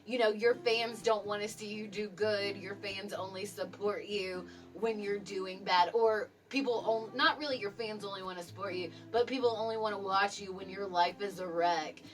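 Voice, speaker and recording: A woman's voice: medium pitch, steady tone, normal speed, hardly any pauses, recorded from a distance. A woman giving a casual commentary rant, exasperated and swearing, with a lot of "like" and "you know". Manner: exasperated, filler-heavy with frequent "like" and swearing. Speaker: commentary YouTuber.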